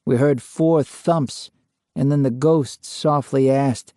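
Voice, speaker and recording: A man narrating a scripted ghost story in a measured, unhurried way. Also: medium pitch, steady tone, warm tone, dry recording, clean studio sound.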